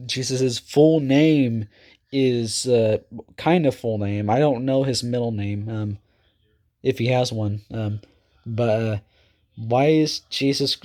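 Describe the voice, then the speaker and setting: A man's voice: mid-range voice, a little mellow. A man ranting casually in a rambling, profane way, with many fillers and restarts. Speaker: video creator. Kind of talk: casual rant.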